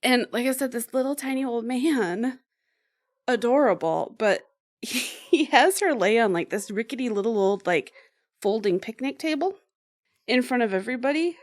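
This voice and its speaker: Woman podcast co-host, higher voice, lively casual storyteller who laughs a lot. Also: moderate pace. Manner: animated storyteller, laughs often, acts out voices.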